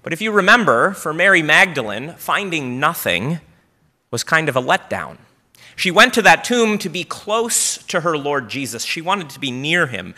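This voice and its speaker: A man's voice: on the high side, big pitch swings, normal speed, pushed and bright. A male pastor preaching a storytelling sermon in church, often asking the congregation questions.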